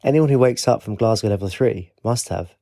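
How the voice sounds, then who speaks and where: A whispered role-play of a secretive young doctor, hushed and full of wonder, voiced by a male audiobook reader. The breathy, unvoiced whisper is soft and low. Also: fairly quick, no echo, clean studio sound, natural voice.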